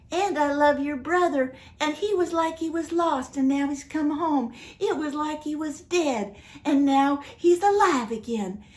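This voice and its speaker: A woman voicing a loving father who rejoices over his returning son, exclaiming at first and later speaking slowly and tenderly. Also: sits high. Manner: exclaiming, then slow and tender.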